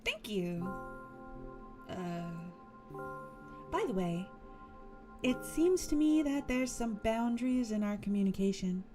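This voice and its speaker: A woman's voice: on the high side, mellow. Playful woman streamer reading a game. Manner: playful, laughs often. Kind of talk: reading a visual novel aloud while playing.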